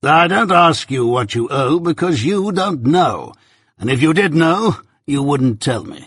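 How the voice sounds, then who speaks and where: A man with a husky voice voicing a stern, deliberate middle-aged lawyer who questions slowly and emphatically, in a storybook reading. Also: a little high, big pitch swings, a bit bright, no room sound, studio quality, exaggerated voice. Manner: slow, emphatic cross-examining delivery.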